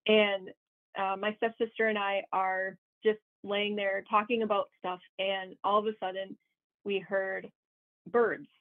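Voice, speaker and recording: Young woman, guest storyteller, chatty with lots of fillers and quick laughs, thin phone-line sound, medium pitch. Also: little pitch movement. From Wisconsin, USA. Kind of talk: casual storytelling.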